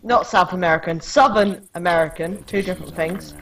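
A woman's voice: lowish voice, fairly quick, gravelly, poor audio. A woman chatting casually and swearing while playing a zombie shooter with friends. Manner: swears and shouts during play. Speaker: gamer. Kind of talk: casual gameplay chat while drinking. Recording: loud game gunfire behind.

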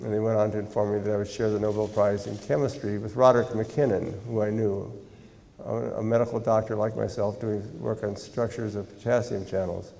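An older American man lectures in a large university hall, his voice gravelly and mellow. He speaks in a measured, deliberate way and slips in dry humor. The long reverb of the hall trails behind every phrase. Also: lowish voice, little pitch movement. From United States. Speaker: guest lecturer, scientist.

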